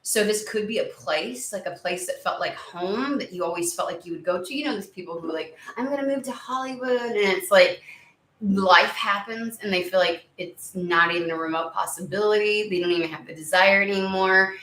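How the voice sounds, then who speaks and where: A woman talking through a tarot reading in a loose, rambling way, circling around her words. Her voice is bright and clear-toned, set back from the mic in an echoey room. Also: lowish voice, moderate pace, recorded from a distance. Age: under 70. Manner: rambling, searching for words, many "like"s. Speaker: tarot reader. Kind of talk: casual spoken tarot reading.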